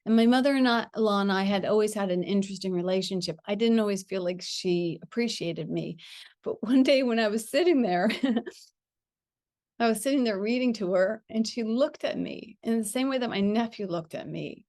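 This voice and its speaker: A middle-aged woman telling a personal spiritual story. She talks in an earnest, reflective way with gentle pauses and frequent small laughs. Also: medium pitch, no echo, clean studio sound. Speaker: spiritual teacher.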